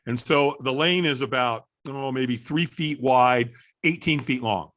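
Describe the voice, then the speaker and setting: A middle-aged man telling a story as a guest on a podcast, animated and acting out the voices of people in the story. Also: medium pitch, normal speed. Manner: animated storyteller, acts out quoted dialogue. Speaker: guest, firewalk instructor.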